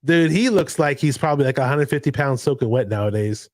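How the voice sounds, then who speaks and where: A man's voice: medium pitch, animated, brisk, darkish tone, no room sound. A man hosting a casual late-night livestream, rambling and jumping from story to story. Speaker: livestream host. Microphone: home streaming mic.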